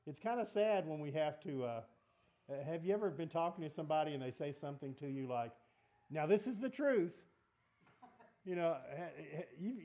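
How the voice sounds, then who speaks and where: A man's voice: on the high side, darkish tone, muffled recording. A man teaching a casual Bible study in a church meeting room, talking in a conversational way and asking the group questions.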